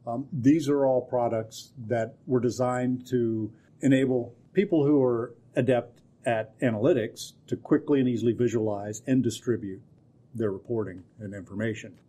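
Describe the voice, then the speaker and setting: A man in his forties co-hosting a podcast, with deadpan humor, giving long explanations in casual chat. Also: medium pitch, moderate pace, husky. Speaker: co-host and technology partner.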